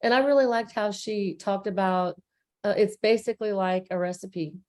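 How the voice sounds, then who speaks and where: A woman's voice: mid-range voice, moderate pace, a little mellow. A woman co-hosting a casual recap chat, talking earnestly and loosely with plenty of fillers. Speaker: co-host.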